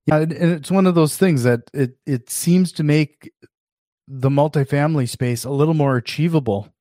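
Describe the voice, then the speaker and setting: A man's voice: fairly high pitch, normal speed, mellow, dry recording, studio quality. A man hosting a podcast interview, conversational, often restarting and repeating words. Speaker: podcast host. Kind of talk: casual interview chat.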